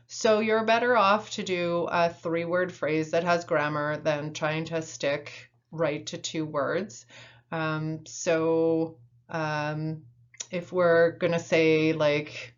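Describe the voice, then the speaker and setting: A woman calmly explaining parenting strategies in an instructional talk, pausing often with ums and uhs. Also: on the low side. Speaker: instructor in a parent training video. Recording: dull, muffled recording.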